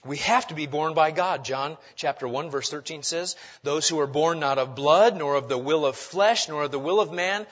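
Pastor guy preaching, highish voice, loud then quiet, muffled lo-fi sound. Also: normal speed, hardly any pauses. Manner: emphatic preaching with rhetorical questions and big swings in loudness. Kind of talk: sermon.

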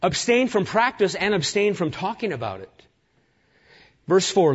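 A man's voice: sits high, sing-song, normal speed, long pauses, husky, highs cut off. A man preaching a sermon as pastor, earnest and emphatic, piling up lists of words.

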